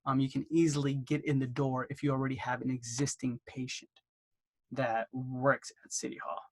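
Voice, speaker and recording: A man casually teaching marketing for a dental practice, with lots of fillers, who acts out phone conversations by jumping into a higher voice. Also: flat delivery, moderate pace, darkish tone. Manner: acts out phone dialogues in a raised voice; loose, filler-heavy delivery. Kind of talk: casual instructional talk.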